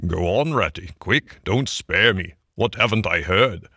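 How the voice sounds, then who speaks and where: A man voicing a boastful but humbled male toad, speaking low, soft and slow. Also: expressive, husky, no room sound, clean studio sound, exaggerated voice. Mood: alarmed. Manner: hangdog, humble.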